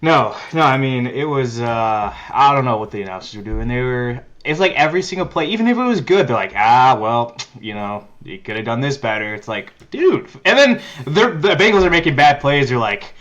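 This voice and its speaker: Animated laughing male podcast co-host. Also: mid-range voice, moderate pace, few pauses, dull audio. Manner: animated, laughing, mocking announcers in raised voice. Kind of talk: casual sports chat.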